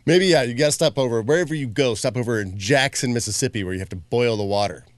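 A man's voice: mid-range voice, quick pace. A man co-hosting a show, trading jokes and telling funny stories in casual banter. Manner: joking, animated storyteller. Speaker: radio show co-host.

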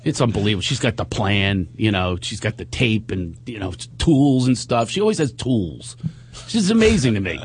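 A middle-aged man tells a story on a radio talk show, animated and laughing as he acts out what everyone said. His voice has a slightly husky grain, and his pitch rises and falls widely. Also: moderate pace. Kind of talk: casual storytelling chat.

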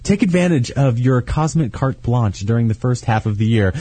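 A man's voice: medium pitch, lively intonation, normal speed, dark tone, husky, no room sound. A man co-hosting a casual chat show, reading horoscopes aloud with jokes and laughs. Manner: joking, laughs often, stumbles while reading. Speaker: podcast host.

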